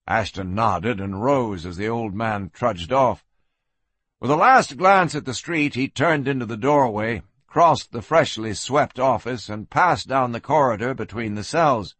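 A man narrating a western story in lively scripted narration. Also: medium pitch, unhurried, breathy edge, no echo. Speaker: audiobook narrator.

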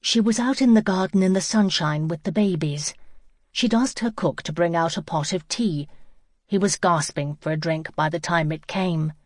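Brief: woman audiobook narrator, low voice, steady and even, dry close sound. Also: moderate pace, no room sound. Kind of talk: scripted narration.

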